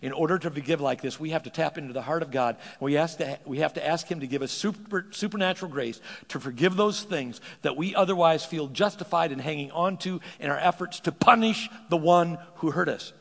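A pastor preaches with a gravelly, slightly raised voice, stumbling over repeated words as he gathers steam. The sound carries a long reverb from the church around him. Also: fairly high pitch, fairly quick, few pauses. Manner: animated preaching, repeats words when starting sentences. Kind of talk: sermon.

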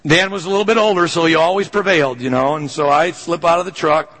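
A man's voice: a little high, steady tone, fast, a bit bright, big-room sound, rough recording. A man pastor preaching a sermon, telling a personal story in an earnest, conversational way.

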